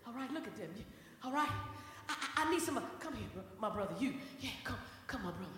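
A woman's voice: fairly high pitch, big pitch swings, quick pace, fairly bright tone. A woman pastor preaching a sermon to her congregation, often stammering and restarting as she talks straight to them. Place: church. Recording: echoey church hall with long reverb.

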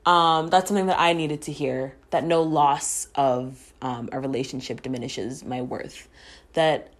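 A woman's voice: a bass voice, steady tone, a little slow. A young woman hosting a podcast, talking earnestly and reflectively, swearing casually, and at times emotional. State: emotional, near tears at times. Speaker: podcast host. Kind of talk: reflective personal talk.

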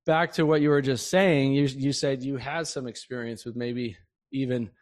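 A man's voice: mid-range voice, steady tone, moderate pace. Podcast host guy, easygoing, asks curious questions. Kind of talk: interview questions.

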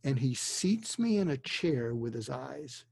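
Husky older man telling a story. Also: mid-range voice, very animated, no room sound. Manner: earnest, slow and deliberate, dropping to a hushed voice for emotional moments. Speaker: guest, psychiatrist. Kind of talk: storytelling in a conversation. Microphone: video call.

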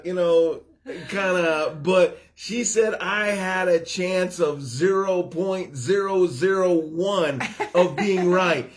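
A man co-hosting a faith livestream, chatting casually in a playful, goofy way that turns loud when he gets excited. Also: sits high.

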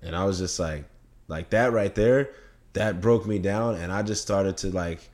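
A man's voice: low voice, a little slow, darkish tone. A young man, a podcast guest, telling a personal story in an open, reflective way during a casual conversation.

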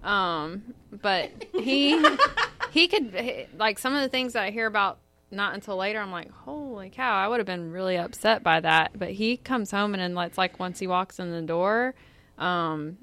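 Bright-voiced woman, a firefighter's partner, kinda halting, laughs a lot. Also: mid-range voice, animated, no room sound. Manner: hesitant, laughing, reflective. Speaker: firefighter's spouse, guest. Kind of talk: casual chat.

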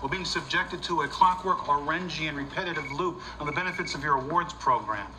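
A man's voice: on the high side, fairly quick, noisy background, close to an everyday voice. A man playing a grumpy ranting detective. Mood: irritated. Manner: sarcastic ranting. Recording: TV clip with room ambience.

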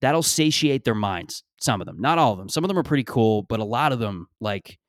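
A man's voice: mid-range voice, lively intonation, a little fast, no room sound, clean studio sound. A man around thirty hosting a solo podcast, rambling, sarcastic and profane in casual talk. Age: 30s. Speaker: podcast host.

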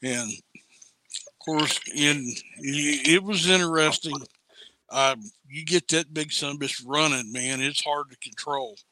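Blunt, bright-voiced man telling stories. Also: fairly high pitch, a little slow, a little hiss or hum. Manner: blunt, salty, animated when retelling. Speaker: guest distiller. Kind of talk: casual storytelling.

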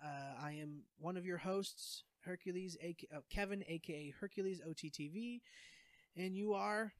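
High-voiced joking young man. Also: moderate pace, no echo. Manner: joking, rambling, swears a lot. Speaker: podcast co-host. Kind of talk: casual chat.

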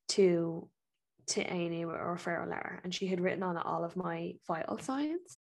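An Irish nurse co-hosting a podcast, telling a story in a blunt, profane and animated way over a remote call. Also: female voice, on the low side, gravelly. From Ireland. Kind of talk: casual chat. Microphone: remote call recording.

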